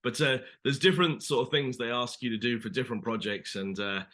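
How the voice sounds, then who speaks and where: Fast-talking bright-voiced male actor. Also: mid-range voice, steady tone. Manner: rambling, lots of "you know" and "sort of". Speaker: actor guest. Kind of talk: casual interview chat.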